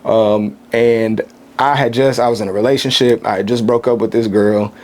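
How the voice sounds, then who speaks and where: A man from Kansas City, a podcast guest, speaking candidly and softly with frequent halting restarts in a casual conversation. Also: on the low side, steady tone. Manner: soft-spoken, candid, halting with many restarts. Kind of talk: casual chat, personal storytelling.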